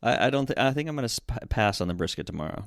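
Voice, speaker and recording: A man's voice: medium pitch, sing-song, racing, no room sound, clean studio sound. A man co-hosting a podcast in casual chat, joking dryly. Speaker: podcast co-host.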